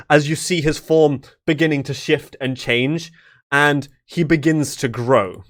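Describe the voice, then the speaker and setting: A man's voice: a little high, unhurried. Young male game master, informal narration, rambling delivery. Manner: loose, with many fillers and restarts. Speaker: dungeon master.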